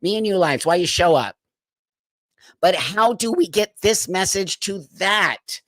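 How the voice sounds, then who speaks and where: A man's voice: high-pitched, bright, forceful tone. Guy ranting on his live stream, gets real heated, talks right at the viewers, dry sound no room echo. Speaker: livestream host. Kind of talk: live-stream political commentary.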